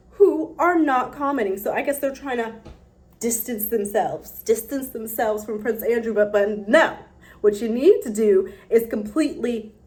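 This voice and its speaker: A woman giving casual, blunt celebrity gossip commentary, animated and full of profanity. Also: on the high side. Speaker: commentary vlogger.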